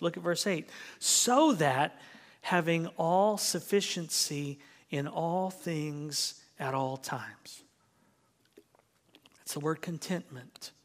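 A man preaching a sermon as pastor, swinging from hushed, near-whispered lines to loud, emphatic ones. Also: sits high. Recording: long hall reverb.

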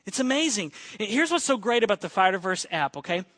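In a dry recording, a man with a high-sitting voice preaches quickly to his church. As pastor, he recounts a story in earnest, quotes a friend, and alternates between excited and hushed delivery.

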